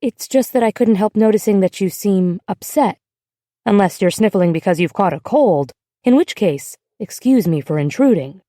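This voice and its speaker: A glamorous young woman from a storybook, gentle and kindly, speaking softly to a child next door, played by a woman narrator. Her voice is mellow and low-key, recorded close and dry. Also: expressive, moderate pace, no room sound, close to an everyday voice.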